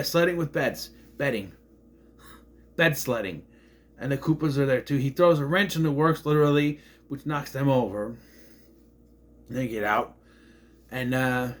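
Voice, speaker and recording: A man casually recapping a movie, rambling with fillers and slipping into quick voice impressions. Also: mid-range voice, expressive.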